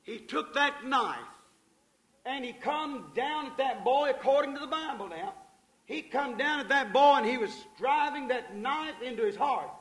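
A man preaching a sermon with a voice pitched very high for a man. He talks to his listeners in a fervent, folksy way and calls them folks. His volume swings from loud, driving passages down to hushed ones. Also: low-quality recording. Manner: folksy, addresses the audience as folks.

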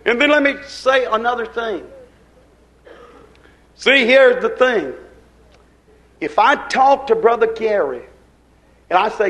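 An older man preaching a sermon. He swings between loud, pushed lines and hushed, quiet ones. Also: extremely high pitch, expressive, slow, long pauses, low-quality recording. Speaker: pastor.

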